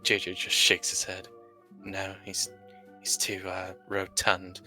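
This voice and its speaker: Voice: low voice, completely flat delivery, takes it slowly, sharp tone, soft background music. A player in a live-streamed tabletop role-play game, speaking formally in character and narrating in the third person.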